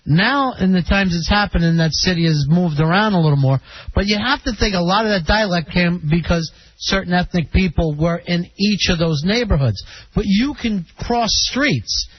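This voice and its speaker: A man's voice: sits high, moderate pace, slight background noise. A man hosting a call-in radio show, chatting casually and joking with callers. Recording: dull lo-fi radio broadcast.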